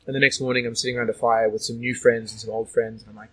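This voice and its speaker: A man's voice: medium pitch, level tone, very fast, sharp tone, breathy edge, low-quality recording. A man from Australia telling stories as a guest in a casual interview, rambling with lots of "like" and "you know".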